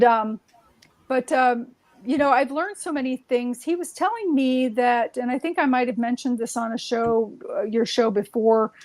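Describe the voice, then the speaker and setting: A woman's voice: on the high side, a little mellow, dry recording, rough recording. A woman telling stories in a casual, rambling way, full of "um"s and restarts. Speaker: guest. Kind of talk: casual conversational storytelling.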